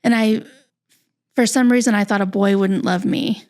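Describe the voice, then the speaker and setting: A woman guest on a podcast, telling a personal story in a halting, candid, soft-spoken way. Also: medium pitch, fairly even intonation.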